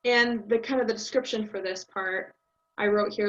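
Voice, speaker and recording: A woman's voice: a little high, a little fast, fairly bright tone. A young woman giving a casual class presentation, thinking aloud with many ums. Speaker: student presenter. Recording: dull lo-fi audio.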